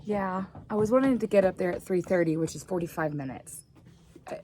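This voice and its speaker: A woman vlogging casually outdoors on a mountain trail, chatty and excitable, laughing often and at times out of breath, into a handheld camera. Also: fairly low pitch, brisk, slight background noise. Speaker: travel vlogger. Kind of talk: casual hiking vlog.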